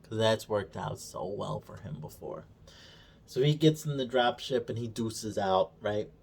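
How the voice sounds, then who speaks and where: A man's voice: lowish voice, a little slow, creaky, darkish tone, breathy edge. Swearing, exasperated male reviewer. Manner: swears constantly, mocking and exasperated; retells scenes by acting out characters' lines. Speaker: video reviewer. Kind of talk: casual profane review rant.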